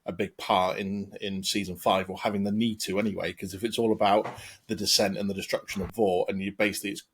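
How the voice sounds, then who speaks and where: A man's voice: on the low side, little pitch movement, fast, breathy edge. An English man hosting a podcast, chatting casually and rambling with many ums and restarts. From England. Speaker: podcast host. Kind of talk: casual chat.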